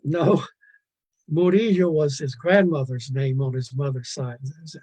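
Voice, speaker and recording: A man gives a virtual museum lecture on paintings, his voice slightly high-pitched with a husky edge. He drifts into side stories, stumbles over restarts and pokes fun at his own disorganization. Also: steady tone, unhurried, dark tone, low-quality recording. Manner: digressive, self-deprecating, stumbling restarts. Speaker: art lecturer. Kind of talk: virtual museum art talk.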